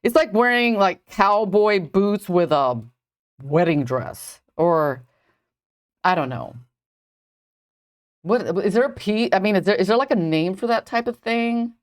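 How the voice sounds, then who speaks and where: A middle-aged jewelry designer chats casually with live-stream viewers while knotting a bracelet, rambling and saying "like" constantly. Her mid-range voice moves a little slowly, broken by long pauses.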